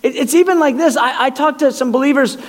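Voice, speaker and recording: A man's voice: extremely high pitch, fast, long reverb tail. A man preaching a sermon in an impassioned way, often stammering and repeating words as he builds his points.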